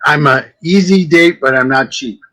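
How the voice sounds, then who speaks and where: Male guest, casual joking storyteller, bright forward voice. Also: fairly high pitch, low-quality recording. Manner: joking storyteller, quick asides. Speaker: guest psychic medium. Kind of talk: casual chat.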